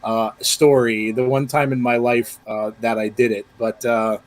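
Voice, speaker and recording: A man's voice: mid-range voice, level tone, a little slow. A middle-aged man co-hosting a live wrestling podcast, chatting casually and rambling with lots of fillers and restarts. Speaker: podcast co-host. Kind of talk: casual live-show chat.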